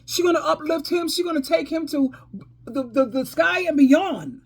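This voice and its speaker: With a high voice and moderate pace, this woman gives storytime advice as a vlogger. She gets preachy and emphatic, addressing listeners as "baby" and "girl," laughing between points and repeating herself to drive things home.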